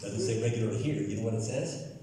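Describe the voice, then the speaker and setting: A man's voice: on the low side, fast talker, mellow, a little hiss or hum. A man from the United States preaching a sermon, telling the story dramatically and acting out the characters. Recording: echoey hall from far off.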